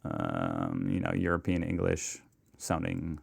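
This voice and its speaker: American male reaction host, deep and creaky, chatty. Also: sing-song, slow pace. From United States. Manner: chatty, self-deprecating, musing aloud. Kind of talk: casual reaction commentary.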